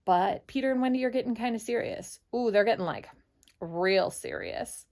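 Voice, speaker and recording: A woman's voice: medium pitch, normal speed, a little mellow. A young woman giving a casual, chatty book review, full of "like" fillers.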